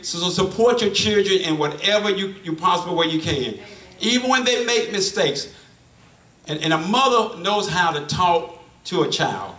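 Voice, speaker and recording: In a church sanctuary, a middle-aged man preaches a folksy, repetitive sermon, often restarting his phrases. His voice sits high, pushed and bright, caught from a distant mic in an echoey room.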